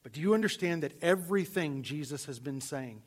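A male pastor preaching a sermon, swinging from loud emphasis to hushed, near-whispered lines. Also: a little high, expressive, moderate pace, slightly rough.

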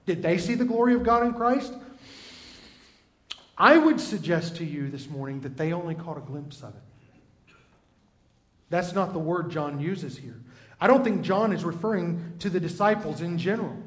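A man's voice: sits high, lively intonation, normal speed, pauses often. A man preaching a sermon, talking in a conversational way and turning often to the congregation. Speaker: pastor. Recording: roomy echo.

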